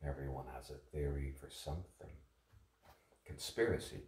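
Super deep gravelly guy, slow drawling monologue, echoey room. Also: steady tone, distant mic. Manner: slow, musing, half-whispered drawl. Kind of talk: slow spoken-word monologue.

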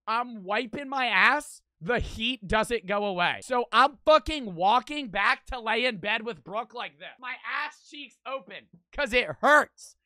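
A young man and streamer telling a story to camera in an animated, crude way, swearing constantly and repeating lines for effect. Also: very high voice, a little slow, few pauses, no room sound.

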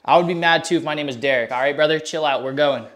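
Talking fast in a slightly high, a bit bright voice, a young man chats with his stream while doing a home workout, breathless and hyped, throwing around casual bro slang.

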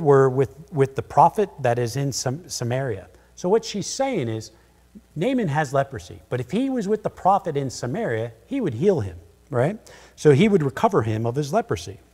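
A man's voice: mid-range voice, a little mellow. Guy preaching a bible study, easygoing and talky, lots of restarts, big echoey church hall. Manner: conversational, many restarts, paraphrasing scripture. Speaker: pastor or Bible teacher. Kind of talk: sermon. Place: church sanctuary. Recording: church hall with long reverb.

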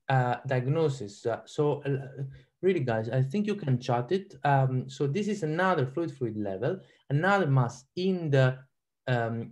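Animated Italian man lecturing. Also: mid-range voice. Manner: animated, quizzes audience with frequent ums and repeats. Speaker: radiology lecturer. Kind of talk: live online lecture.

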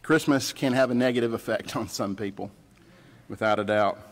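A man's voice: lowish voice, normal speed. A man, a pastor, preaching a sermon in a plainspoken, conversational storytelling way. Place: church sanctuary. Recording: church livestream with long reverb.

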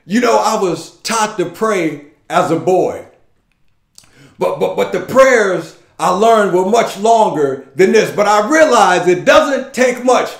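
A man preaching a dramatic first-person sermon monologue, impassioned, stammering and repeating words as he builds to shouted lines. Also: high-pitched, lively intonation, slow pace, gravelly, roomy sound. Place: church sanctuary.

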